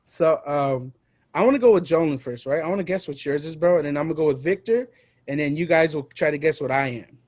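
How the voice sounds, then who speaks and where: A man's voice: a little high, fast talker, a little mellow. A man hosting a casual podcast, goofy and hyped, joking around with a put-on accent. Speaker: podcast host.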